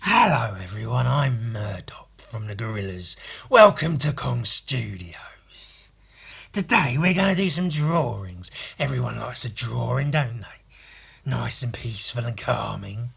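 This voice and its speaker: Guy doing a nasty cartoon rocker dude, gravelly half-whispered sneer. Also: mid-range voice, big pitch swings, measured pace, fairly bright tone, full character voice. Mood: sinister. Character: sneering, cruel male cartoon rock bassist.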